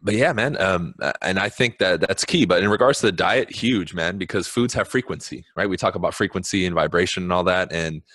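A man co-hosting a podcast, talking in a relaxed, slangy and preachy way. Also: low voice, brisk, few pauses, dry recording, studio quality. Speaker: podcast co-host. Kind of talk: casual chat.

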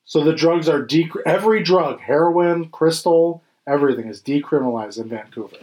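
Male podcast co-host, casual, slightly higher register, easygoing with profanity. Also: darkish tone, poor audio. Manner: laid-back, swears freely, quick repeats. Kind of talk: casual chat.

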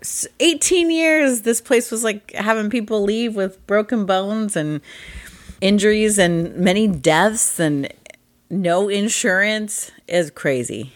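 A woman co-hosting a podcast in casual chat, with a husky morning voice, chatty and laughing often. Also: mid-range voice, takes it slowly. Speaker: podcast co-host.

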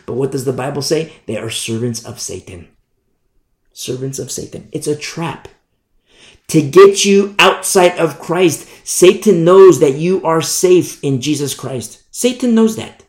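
A man's voice: medium pitch, animated, measured pace, long pauses, darkish tone. Emphatic male preacher in an echoey room. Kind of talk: sermon.

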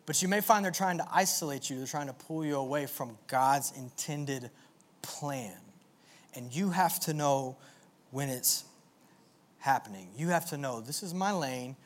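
A man preaching a sermon to a live audience in an animated, energetic way, with call-and-response. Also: medium pitch, measured pace. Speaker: pastor.

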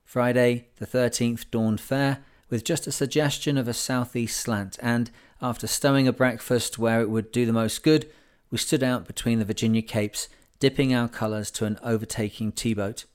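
Casting: a male narrator, clear and resonant, mid-pitched, with calm, measured storytelling delivery. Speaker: audiobook narrator. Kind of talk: audiobook reading of a classic sailing memoir.

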